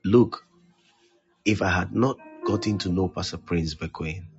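A man preaching a sermon as pastor, repeating his phrases with force, then dropping to a hush. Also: low-pitched, unhurried, gravelly, highs cut off, soft background music. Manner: emphatic preaching, repeats phrases, swings loud to hushed.

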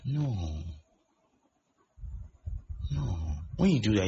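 Male preacher, low husky gravelly voice, dull lo-fi recording, acts out quotes mid-sermon. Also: expressive, unhurried, long pauses, a bit bright.

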